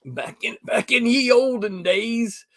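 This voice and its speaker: A man's voice: very high-pitched, takes it slowly, sharp tone. A middle-aged man hosting a casual live stream, laughing often and reading viewer comments aloud over his desktop call mic. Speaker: host of a live comics stream. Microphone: desktop mic on a video call.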